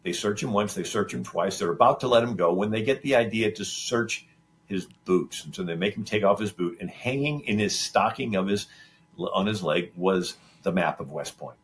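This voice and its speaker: A man's voice: on the low side, normal speed, a little hiss or hum. A man hosting a talk show, telling a history story in a loose, rambling way and acting out the lines of the people in it. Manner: animated, acts out the quoted figures' lines; loose and rambling, with many fillers and restarts. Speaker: show host.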